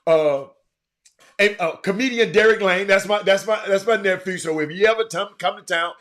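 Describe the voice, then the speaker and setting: A man hosting a casual livestream, reading viewer comments and greeting people by name in an animated, loose way. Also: high-pitched, normal speed. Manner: animated, shouts out viewers by name, drifts off-mic. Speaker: livestream host.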